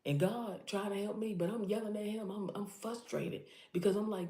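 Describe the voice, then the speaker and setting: A woman's voice: medium pitch, fairly even intonation, normal speed, dark tone, reverberant. A woman giving an impassioned preaching vlog, talking urgently to her listeners and repeating herself for emphasis. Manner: urgent, repetitive, addresses listeners directly. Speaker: motivational preacher.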